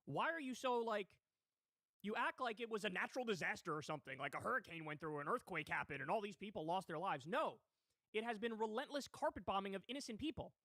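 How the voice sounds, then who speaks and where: A man's voice: sits high, expressive, fast talker, sharp tone, no echo, clean studio sound. A man hosting a political commentary livestream, talking in a heated, indignant way with swearing. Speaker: livestream host.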